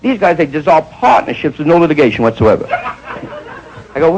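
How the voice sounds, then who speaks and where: A man doing stand-up storytelling, jumping into quick voices of the people in his stories. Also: a little high, big pitch swings, a little mellow, a little hiss or hum, low-quality recording. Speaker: stand-up comedian.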